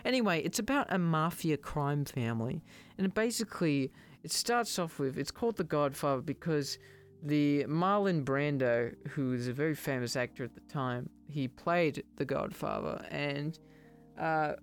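A man's voice: fairly high pitch, moderate pace, soft background music. A young man hosting a casual solo podcast, rambling, joking at his own expense and stumbling over words. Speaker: podcast host.

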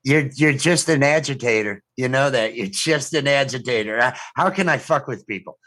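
A man's voice: mid-range voice, animated, moderate pace, pushed and bright. A man co-hosting a podcast in casual chat, teasing and joking with his partner. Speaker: podcast co-host.

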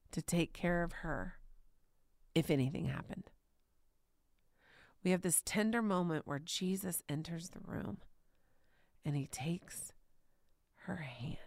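A woman in her thirties giving a devotional teaching, soft and tender, often dropping to a whisper. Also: on the low side, no echo, clean studio sound. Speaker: podcast host.

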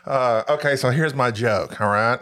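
A man's voice: mid-range voice, normal speed, a bit bright. A man from Northeast Texas with a regional accent, hosting a podcast in rambling, self-mocking casual chat. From Paris, Texas. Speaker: podcast host.

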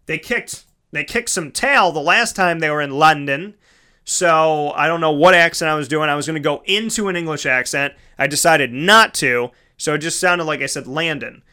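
A man's voice: a little high, normal speed, hardly any pauses, sharp tone, smooth. A man hosting a casual solo sports talk show, chatty and rambling, correcting himself mid-sentence and calling his listeners folks.

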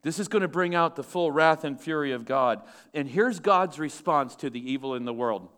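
Male pastor, sermon delivery, higher-pitched voice, animated, shifts between loud and soft. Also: normal speed, clear, resonant tone. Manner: animated preaching, swings between loud and hushed.

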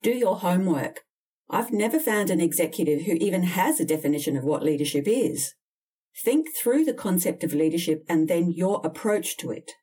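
A woman's voice: fairly low pitch, animated, moderate pace, mellow, slightly rough, distant mic. A woman coaching people on job interviews, giving direct, emphatic, candid advice in an instructional talk. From Australia.

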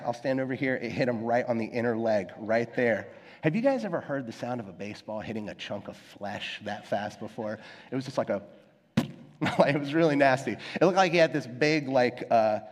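A young adult male pastor preaching a conversational, self-deprecating sermon, acting out quoted voices in his stories. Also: medium pitch. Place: church sanctuary. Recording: long hall reverb.

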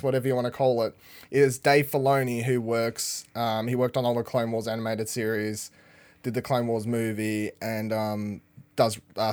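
A man hosting a podcast in casual chat, energetic and rambling as he talks. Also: medium pitch. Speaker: podcast host.

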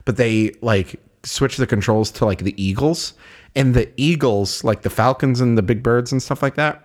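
A man's voice: mid-range voice, moderate pace. A young man co-hosting a casual podcast chat, telling game stories with lots of laughter and acted-out voices. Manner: animated storyteller, laughs often, acts out game characters. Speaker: podcast co-host.

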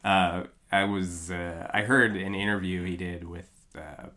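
Low-voiced laid-back podcast man. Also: steady tone, measured pace, bright, forceful tone. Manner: laid-back, lots of "yeah" and "uh" fillers. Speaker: podcast co-host. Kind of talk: casual movie podcast chat.

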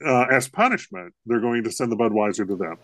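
A man's voice: mid-range voice, animated, fairly quick, noisy background. A man co-hosting a podcast in casual comedic chat, rambling and laughing often. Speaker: podcast co-host.

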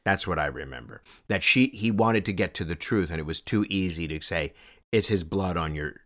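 A man with a fairly low voice chatting casually about films. He talks excitably, with repeated words and restarts, and his pitch jumps when he gets worked up. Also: fairly quick. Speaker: podcast co-host. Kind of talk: casual film discussion.

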